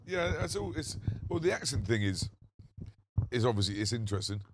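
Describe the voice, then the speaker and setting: A man with a London English accent, chatting casually and telling animated stories in a park. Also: medium pitch, fairly quick, background noise. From England. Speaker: podcast co-host. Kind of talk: casual chat. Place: outdoors in a park.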